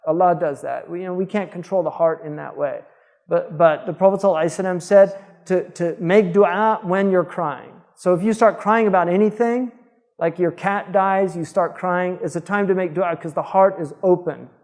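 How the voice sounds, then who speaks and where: A man's voice: sits high, fairly even intonation, normal speed, a little mellow, big-room sound. A man, a scholar, giving an informal lecture in a conversational, digressive way with frequent fillers. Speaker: Islamic scholar teaching.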